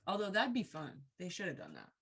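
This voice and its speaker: A woman's voice: on the low side, huge pitch swings, fast talker, creaky, crowd noise. A woman co-hosting a podcast in casual, playful chat. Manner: chatty and playful. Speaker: podcast co-host.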